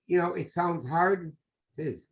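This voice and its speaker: A middle-aged man teaching a Torah class as a rabbi, explaining in an animated, emphatic way and mixing Hebrew terms into his English. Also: a little high, unhurried, poor audio.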